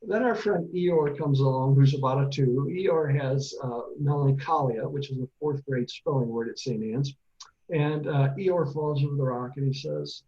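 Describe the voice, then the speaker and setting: A man's voice: fairly high pitch, normal speed, mellow, highs cut off. A middle-aged man, a therapist and author, giving a casual online talk to parents, telling stories with many fillers.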